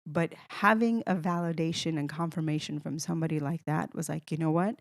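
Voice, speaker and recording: Lively storytelling woman from Iran, dry sound. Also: sits low, fairly quick, vocal fry, dry recording. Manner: animated, restarts often, acts out quoted dialogue. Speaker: podcast guest. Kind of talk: emotional storytelling in casual conversation.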